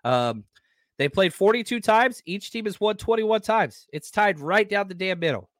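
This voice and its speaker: A man hosting a casual sports fan podcast, talking excitedly, swearing casually and reading out listeners' questions. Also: high voice, moderate pace, no room sound, studio quality. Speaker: podcast host.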